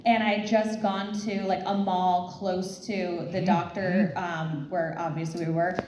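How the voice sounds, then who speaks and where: A woman's voice: on the low side, little pitch movement, measured pace, a little mellow. Bubbly woman chatting on a panel, echoey hall, lots of noise. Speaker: voice actress on a panel. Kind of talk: casual panel storytelling. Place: large convention hall.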